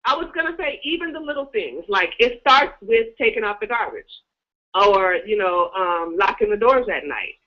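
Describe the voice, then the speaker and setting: A woman speaking as a guest on a talk radio show, explaining her views in a measured way. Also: mid-range voice, lively intonation, lo-fi sound.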